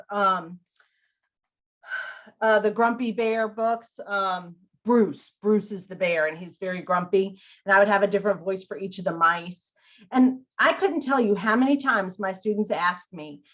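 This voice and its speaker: A woman teacher and former librarian giving chatty, expressive tips on reading aloud to children. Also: mid-range voice, measured pace. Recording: dull lo-fi audio.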